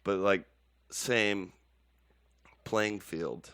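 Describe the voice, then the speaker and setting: A man's voice: low-pitched, drawn-out words, a bit bright. A man hosting a casual podcast, rambling and joking, swearing freely. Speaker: podcast host.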